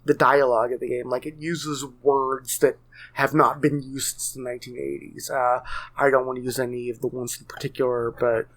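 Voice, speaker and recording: A man's voice: medium pitch, flat delivery, normal speed, a bit bright. A man co-hosting a casual gaming podcast, rambling and joking with lots of fillers. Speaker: podcast co-host.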